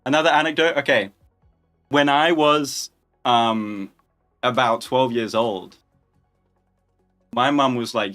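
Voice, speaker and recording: A man's voice: medium pitch, a little slow, pauses often, a bit bright, soft background music. A young man hosting a casual livestream, chatting, joking and answering viewer questions. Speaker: livestream host.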